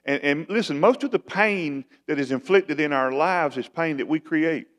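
A man's voice: on the high side, normal speed, a bit bright. A man preaching a sermon as pastor, in a folksy, conversational way that keeps asking the congregation questions.

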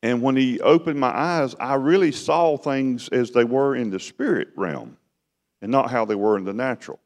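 A man preaching a sermon in a folksy, conversational way that builds louder and higher. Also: normal speed. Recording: long hall reverb.

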